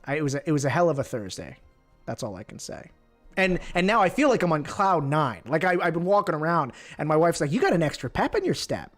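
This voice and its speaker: A man's voice: a little high, lively intonation, a little fast, a bit bright, faint music behind. A man hosting a livestream, joking crudely in casual chat with lots of restarts. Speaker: livestream host.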